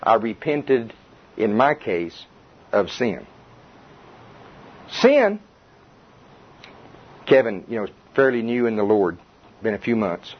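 Indoors with a small group, a man leads an informal Bible study in a folksy style, repeating himself, restarting sentences, and frequently questioning his listeners. His voice is lowish, very animated, and slightly rough; he takes it slowly and pauses often. The recording is dull and lo-fi.

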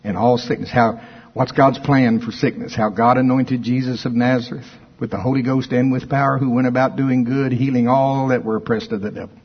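A male preacher in full sermon, dropping to quiet asides and then rising loud as he quotes scripture. His voice is husky, and the recording sounds a little dull. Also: mid-range voice, fairly even intonation, fairly quick.

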